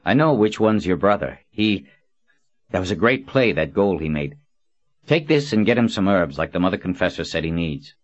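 A man's voice: sits low, sing-song, normal speed, no room sound, lo-fi sound. A man doing an awkward, kindly soldier captain. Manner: awkward, gruff kindness. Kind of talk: audiobook character voice.

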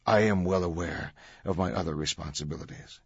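A man's voice: low voice, fairly quick, husky, no room sound. A man doing a weary young priest with a faint Italian lilt. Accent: slight Italian. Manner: quiet, unpretentious, tired authority. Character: weary kind young male priest, soft-spoken. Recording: dull dry audiobook recording.

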